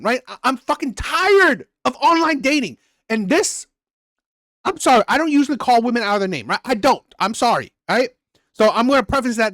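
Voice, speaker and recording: A woman's voice: high voice, no echo. A woman hosting a reaction video, ranting heatedly with a lot of profanity and stumbling restarts. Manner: heated, profane, self-interrupting. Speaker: reaction channel host.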